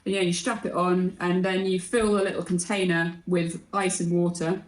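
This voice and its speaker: A woman's voice: fairly low pitch, little pitch movement, moderate pace. Woman podcast guest, upbeat and teasing, roomy echo on her voice. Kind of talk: casual chat.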